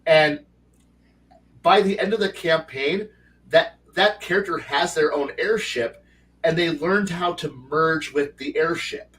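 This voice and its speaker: A man with a slightly higher voice tells a tabletop game story in loose, animated chat, full of fillers and restarts. He sits a little back from the mic on a home livestream. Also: measured pace, distant mic. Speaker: game master and podcast co-host.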